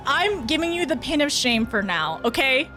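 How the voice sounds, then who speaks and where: A woman's voice: high-pitched, sing-song, moderate pace, sharp tone, faint music behind. A young woman streaming a game, chatting casually with her viewers, flustered and often laughing. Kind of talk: casual live-stream chat while gaming.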